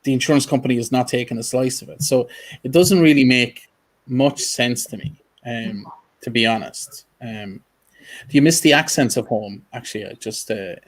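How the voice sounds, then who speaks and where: A man's voice: medium pitch, moderate pace. A man hosting a casual interview, rambling through questions with plenty of fillers. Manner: rambling, full of restarts and fillers. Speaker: podcast host.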